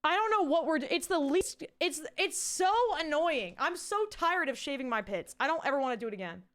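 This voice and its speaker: A woman's voice: high-pitched, lively intonation, fairly quick, a bit bright. A young woman streaming from home, chatting casually with her viewers, reading chat aloud and swearing freely into a desk mic with a pop filter.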